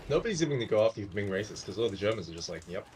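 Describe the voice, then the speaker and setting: Animated low-voiced man on voice chat. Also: very fast, background noise. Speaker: co-player. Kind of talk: casual gaming chat.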